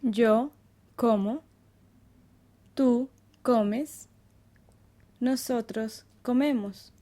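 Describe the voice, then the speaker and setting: Female co-host modelling phrases for learners, slow and careful, slightly high voice. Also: mellow. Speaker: language teacher, podcast co-host. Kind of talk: modelling example phrases slowly.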